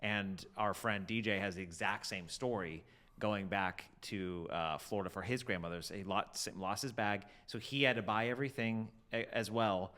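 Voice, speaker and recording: A man's voice: fairly low pitch, steady tone, moderate pace, pushed and bright. A man co-hosting a podcast, telling a rambling anecdote in casual chat. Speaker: podcast co-host.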